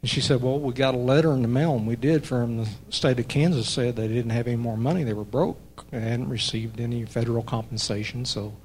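An older man, a church member, giving a personal testimony in an earnest, halting way with many fillers. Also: medium pitch, steady tone, a little mellow, slight background noise. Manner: earnest, pauses often with fillers. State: emotional, voice breaking.

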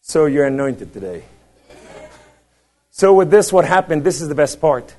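Middle-aged male preacher, fiery sermon delivery, voice sits slightly high, big swings from shouting down to near-whispers. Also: sing-song, moderate pace. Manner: impassioned, swinging from shouts to hushed tones; dramatic storyteller.

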